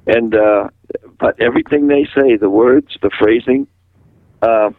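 An older man from Massachusetts, a radio guest telling a rambling personal story in a halting way, often repeating words. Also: medium pitch, dry recording. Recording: tinny phone line on radio.

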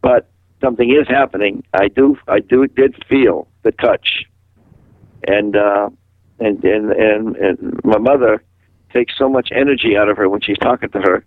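An older man from Massachusetts, a radio guest telling a rambling personal story in a halting way, often repeating words. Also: lowish voice, no echo. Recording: tinny phone line on radio.

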